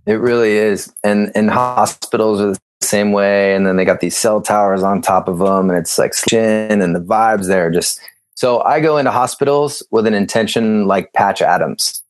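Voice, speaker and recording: A man telling lively stories as a podcast guest, acting out the dialogue and laughing often. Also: on the low side, normal speed, dry recording. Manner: animated storyteller, acts out dialogue, laughs often. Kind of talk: casual interview chat.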